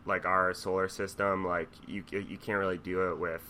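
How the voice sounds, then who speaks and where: Man, very deep voice, sharp tense tone, emphatic casual podcast talk, faint hiss. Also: normal speed. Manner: animated, emphatic, swears, laughs often. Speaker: podcast co-host. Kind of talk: casual chat.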